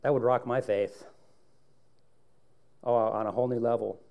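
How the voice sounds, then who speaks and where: A male pastor preaching a sermon with dramatic swings between hushed and raised lines, acting out dialogue from scripture. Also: medium pitch, little pitch movement, moderate pace, creaky, muffled recording.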